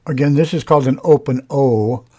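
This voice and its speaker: A man teaching a lesson on vowels, explaining slowly and demonstrating each sound aloud. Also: medium pitch, dark tone. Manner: unhurried, pausing often, demonstrating sounds. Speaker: singing teacher.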